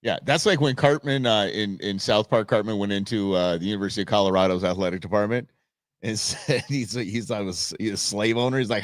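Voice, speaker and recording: A man's voice: lowish voice, fairly quick, dry recording, clean studio sound. A man hosting a live political commentary stream, reacting to clips with sarcastic, mocking asides and frequent laughter.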